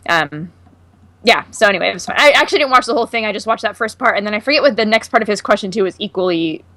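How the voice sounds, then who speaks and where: A young woman co-hosting a casual podcast, lively and playful as she chats. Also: mid-range voice, rapid-fire, no room sound. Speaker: podcast co-host. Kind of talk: casual chat.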